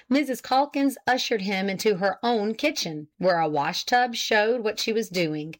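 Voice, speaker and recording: A woman narrates an old novel for an audiobook. Her reading is steady and measured. Her pitch sits in the middle range for a woman.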